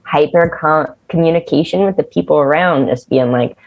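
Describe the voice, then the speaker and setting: Casting note: a woman with a low voice, candid and animated, swears freely in casual chat. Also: normal speed, gravelly. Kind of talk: casual conversation.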